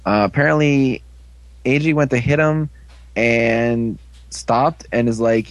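A man's voice: medium pitch, slow pace, no echo. Rambling man recapping, dry close sound. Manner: rambling, filler-heavy storytelling. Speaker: podcast co-host recapping an episode. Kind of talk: casual recap chat.

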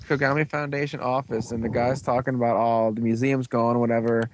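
A man's voice: mid-range voice, flat delivery, slight background noise. Rambling young man recapping casually. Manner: rambling, filler-heavy retelling with quick put-on character voices. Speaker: podcast host recapping a show. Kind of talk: casual chat.

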